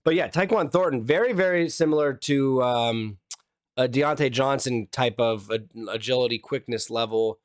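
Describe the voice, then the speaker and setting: A man's voice: mid-range voice, normal speed, dry recording, studio quality. A man co-hosting a casual sports podcast, speaking in a laid-back way that often trails off. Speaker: podcast co-host.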